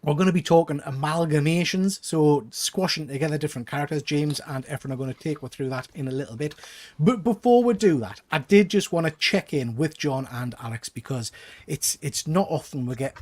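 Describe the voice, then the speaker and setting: A man's voice: fairly high pitch, a little mellow. Chatty Geordie man hosting. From North East England. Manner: jokey, chatty, with restarts and laughs. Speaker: host. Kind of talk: casual chat.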